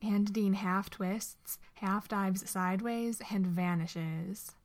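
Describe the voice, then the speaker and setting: A woman narrating a story aloud in an expressive, steady way. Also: mid-range voice, slow.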